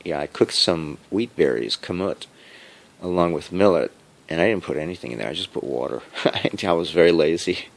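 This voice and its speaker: Low gravelly man rambling on. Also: lively intonation. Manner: digressive, halting, with frequent repeats and chuckles. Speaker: home cook sharing health updates. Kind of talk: rambling personal monologue.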